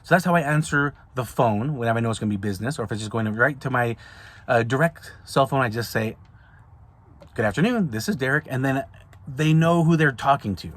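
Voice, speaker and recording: A man's voice: mid-range voice, fast talker, fairly bright tone. A man hosting an advice podcast, talking casually and informally, with frequent restarts and repetitions. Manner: conversational, repeats and restarts often. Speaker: podcast host, signing service owner.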